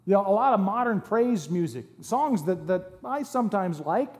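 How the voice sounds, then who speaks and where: Man, pastor, humorous conversational sermon, slightly high voice, reverberant hall. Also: lively intonation, normal speed, few pauses, darkish tone. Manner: humorous, conversational, jokes with the congregation.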